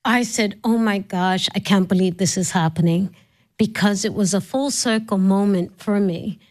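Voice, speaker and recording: A woman's voice: medium pitch, normal speed. A middle-aged woman from New York telling stories in a casual interview, laughing often and acting out voices. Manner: lively storyteller, laughs often, acts out voices. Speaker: podcast host guest.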